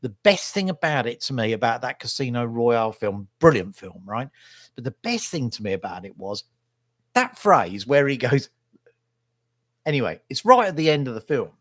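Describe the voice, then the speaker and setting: A man's voice: mid-range voice, big pitch swings, normal speed, no echo, studio quality. A middle-aged man, talking in a casual, rambling monologue as a vlogger, blunt in his opinions and often tagging his sentences with "right?". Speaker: vlogger and local newspaper photographer.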